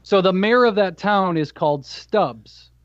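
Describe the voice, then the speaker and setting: A man's voice: high-pitched, lively intonation, measured pace, no room sound, muffled recording. A man reading out fun facts on a podcast, earnest and stumbling over his words. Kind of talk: casual podcast banter.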